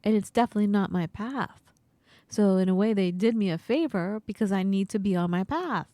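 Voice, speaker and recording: A medium-pitched woman talks fairly quickly on a dry recording as a podcast co-host. Her casual chat is full of lively storytelling, complete with impressions of the people involved.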